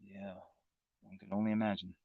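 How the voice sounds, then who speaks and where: A man's voice: low voice, level tone, a little fast, creaky, breathy edge, dry recording. Profane ranting man on a lo-fi stream. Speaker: livestream host. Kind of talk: casual political monologue.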